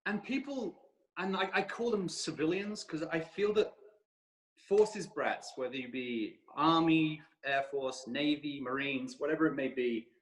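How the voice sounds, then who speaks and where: Animated British man, higher voice. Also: measured pace, low-quality recording. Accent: British, shifting between regions. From England. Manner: animated storyteller, many restarts. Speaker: podcast guest, actor. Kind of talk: casual conversation.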